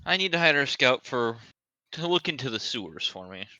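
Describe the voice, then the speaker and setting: A man plays in a tabletop game, speaking plainly as he haggles in character. His voice is bright and forceful, and the dry sound puts him close to the mic. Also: mid-range voice, very animated, brisk, dry recording, lo-fi sound. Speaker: player.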